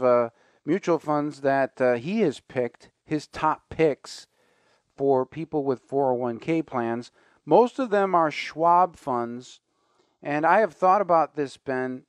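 Man, finance radio host, casual conversational delivery, fairly high pitch, dry close mic. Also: dry recording. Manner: chatty, conversational, with fillers and asides.

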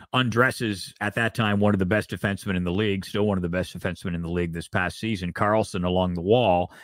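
Deep raspy veteran broadcaster. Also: male voice, fairly bright tone, no echo, studio quality. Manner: measured, thoughtful storytelling with fillers. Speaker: guest, veteran hockey broadcaster. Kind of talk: casual interview talk.

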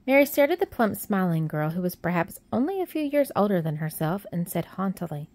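A woman narrating a storybook in a steady, even storytelling manner. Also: fairly low pitch, brisk, hardly any pauses, dry recording. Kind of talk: storybook reading.

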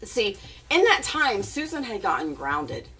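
A woman's voice: mid-range voice, very animated, unhurried, bright, forceful tone, breathy edge, recorded from a distance. A woman telling a casual story to her camera, chatty and giggly, with plenty of fillers and restarts. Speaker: vlogger.

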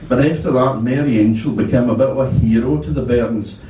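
A man from Orkney with an Orcadian accent, telling a local folk tale at a live concert with dry, unhurried humor. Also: medium pitch, dark tone, a little hiss or hum. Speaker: storyteller. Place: concert venue with audience. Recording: echoey live venue, distant mic.

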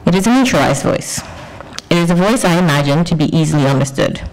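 A woman curator presenting a conference paper in a measured, poetic way, with deliberate pauses. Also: sits low, animated, a little mellow, low-quality recording. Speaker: curator and researcher.

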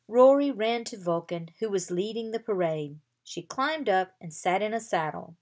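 A woman reading a children's chapter book aloud in an even storytelling manner. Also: mid-range voice, moderate pace, hardly any pauses. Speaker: reader.

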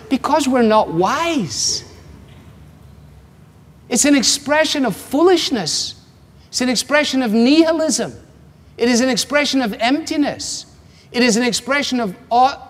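A man in his seventies with a Scottish accent, preaching a sermon in a wry, conversational way, acting out quotes. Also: extremely high pitch. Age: 70s. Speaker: pastor. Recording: long hall reverb.

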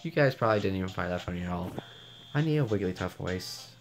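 A young man talking over a game playthrough from his room at night, keeping his voice half-hushed. He stammers, swears freely, and slips into reading lines from the game, with faint music under him. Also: low-pitched, expressive, fast talker. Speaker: let's play commentator. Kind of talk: casual game commentary and voicing dialogue.

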